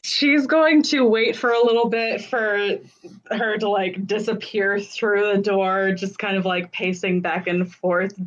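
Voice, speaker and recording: A woman's voice: mid-range voice, steady tone, a little slow, lo-fi sound. A young woman playing a tabletop game, describing her character's actions in a chatty way with many fillers. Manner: chatty, with lots of fillers and laughs. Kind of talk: casual role-play narration.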